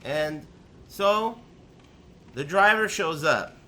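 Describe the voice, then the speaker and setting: Man, storytelling rant, high, very lively pitch, sharp bright tone, swears a lot. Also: drawn-out words. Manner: animated, profane, swings between loud outbursts and low mutters. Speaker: storyteller on a live stream.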